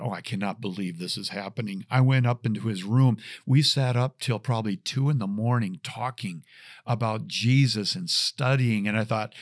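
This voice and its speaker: A man's voice: mid-range voice, no room sound, studio quality. Earnest male host telling a story. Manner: earnest, halting with frequent repeats and fillers. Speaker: radio show host. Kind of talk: personal storytelling.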